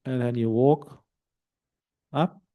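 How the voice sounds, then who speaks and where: Calm monk with a mellow voice. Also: male voice, mid-range voice, slow pace. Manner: calm, explanatory, softly demonstrates the mantra. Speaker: Buddhist monk teaching meditation. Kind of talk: meditation instruction at a retreat. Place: retreat centre.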